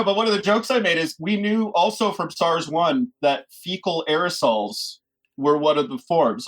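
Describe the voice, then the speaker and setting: A man's voice: on the high side, fairly bright tone, poor audio. A man chatting as a podcast guest, joking and laughing often as he talks. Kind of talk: casual podcast chat.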